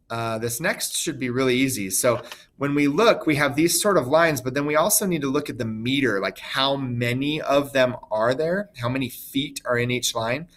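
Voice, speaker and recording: Casual, unhurried male teacher. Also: mid-range voice, fairly bright tone. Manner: casual, chatty, with frequent fillers and asides. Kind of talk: recorded screen-share lesson.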